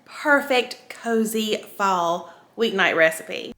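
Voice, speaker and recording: A woman's voice: on the high side, animated, moderate pace, sharp tone, faint music behind. A woman hosting a home cooking video, chatting casually to viewers and giggling often. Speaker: cooking channel host. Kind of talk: casual cooking demo chat.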